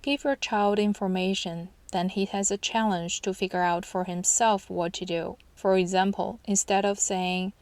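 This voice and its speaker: A woman reading a scripted parenting book summary in a calm, steady, instructional way. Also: medium pitch, moderate pace, few pauses, dry recording. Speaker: parenting channel narrator.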